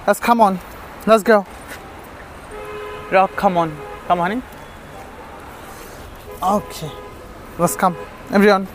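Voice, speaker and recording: Man, high voice, coos pet names at dogs, noisy outdoor street recording. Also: slow, long pauses. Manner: coaxing, affectionate baby talk, frequent laughs. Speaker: vlogger feeding stray dogs. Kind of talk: casual vlog talk to dogs. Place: outdoors, terrace and stairs in a city.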